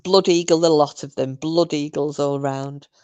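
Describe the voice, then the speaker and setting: A woman's voice: low-pitched, steady tone, moderate pace, warm tone, dry recording. A woman hosting a casual live-stream quiz night, answering viewer comments and often breaking into laughter. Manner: giggly, often bursting into laughter.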